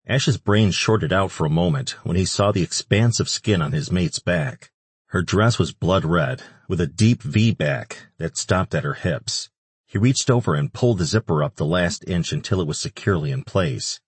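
Deep husky guy reading an audiobook, dead dry close sound. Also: lively intonation, normal speed, dry recording. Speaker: audiobook narrator. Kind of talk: scripted narration.

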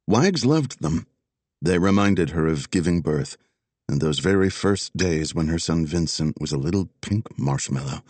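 A male narrator reading a thriller in steady, descriptive scripted narration. His voice is very deep but moves expressively in pitch. The recording is dry and close. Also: dry recording. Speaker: audiobook narrator.

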